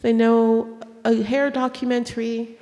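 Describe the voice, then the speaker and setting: A woman author in a stage conversation, telling stories in an animated way, laughing and acting out the people she quotes. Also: a little high, measured pace, highs cut off, faint music behind. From United States. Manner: animated, laughing storyteller who acts out quotes. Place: auditorium stage. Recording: long hall reverb from a public event.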